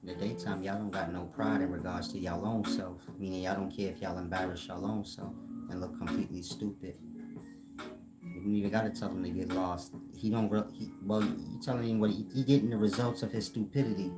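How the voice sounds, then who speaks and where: Deep-voiced man lecturing his stream chat. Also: fairly even intonation, brisk. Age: older. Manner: blunt, lecturing, scolding trolls. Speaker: livestream host. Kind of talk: live-stream monologue to chat. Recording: loud guitar music behind.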